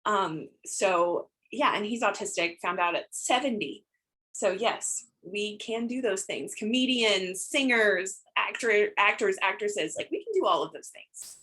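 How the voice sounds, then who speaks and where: A woman's voice: medium pitch, measured pace, bright, forceful tone, low-quality recording. A woman who is a professional singer, speaking upbeat and emphatic in a casual group video call.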